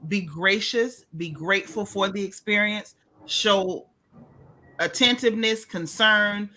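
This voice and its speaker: A woman hosting a casual gossip chat about reality TV, talking in an animated, sassy, emphatic way with frequent restarts. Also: mid-range voice. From United States. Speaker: host.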